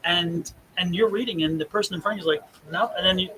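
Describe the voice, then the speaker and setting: Guy with a high voice explaining stuff casually to a room, people murmuring around. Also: fast talker, crowd noise, poor audio.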